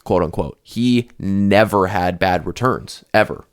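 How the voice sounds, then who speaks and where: Podcast co-host, male, lowish voice, rambling casual chat full of restarts and swearing. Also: unhurried, smooth.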